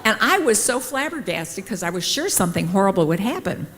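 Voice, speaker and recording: A woman's voice: medium pitch, a little fast. A middle-aged woman, a nurse, telling personal stories at a conference and acting out the dialogue. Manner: lively, acts out quoted dialogue. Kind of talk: personal storytelling talk. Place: conference hall. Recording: long hall reverb.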